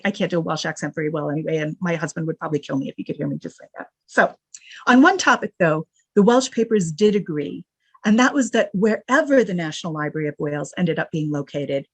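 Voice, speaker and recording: A woman giving an academic lecture in a dry, close recording. She reads quoted passages with lively emphasis and drops wry asides between them. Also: sits low, breathy edge, dry recording. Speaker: guest lecturer.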